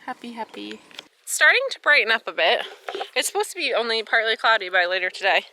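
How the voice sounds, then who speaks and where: A young American woman vlogging casually on her farm, chatty and excitable, a little out of breath. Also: fairly high pitch, quick pace, slight background noise. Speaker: farmer vlogger. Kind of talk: casual vlog narration. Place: outdoors on a farm.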